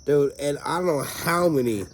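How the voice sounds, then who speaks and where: A man's voice: on the high side, normal speed, a little hiss or hum. A man hosting a podcast, chatting casually and profanely with a friend. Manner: profane, laughing, playful. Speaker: podcast host. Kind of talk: casual chat.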